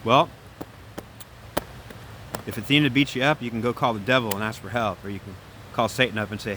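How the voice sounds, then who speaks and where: A man giving a casual spoken tarot reading, animated and preachy, talking straight to the listener. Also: fairly low pitch, fairly quick, pauses often, a little hiss or hum. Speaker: tarot reader.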